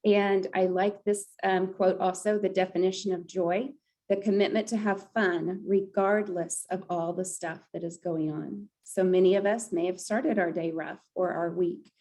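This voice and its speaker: In a guided laughter yoga session for a group, a woman with a warm voice on the lower side talks in a chatty, upbeat way, regularly dissolving into laughter.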